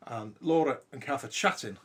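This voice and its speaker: A man's voice: medium pitch, expressive, moderate pace, fairly bright tone, husky. A man, hosting a podcast and telling a ghost story in a casual, sweary way. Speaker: podcast host.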